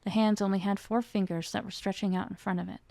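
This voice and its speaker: A woman's voice: mid-range voice, steady tone, fast, creaky, warm tone, no room sound. A woman reading aloud a chapter of her own fantasy novel, lifting her voice for the characters' dialogue. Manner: reads the characters' lines with rising emotion. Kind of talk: dramatic fiction reading.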